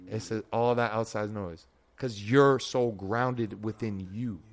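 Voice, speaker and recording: A man's voice: on the low side, steady tone, takes it slowly. A young man co-hosting a casual talk show, speaking emphatically and often tagging his points with "right?". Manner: emphatic, repeats points and tags lines with "right?". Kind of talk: casual chat.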